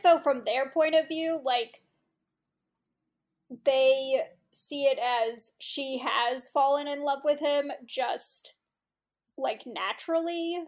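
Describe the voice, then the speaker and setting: High-voiced woman co-host, thoughtful. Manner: thoughtful, hedging with fillers. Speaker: podcast co-host. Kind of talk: casual chat.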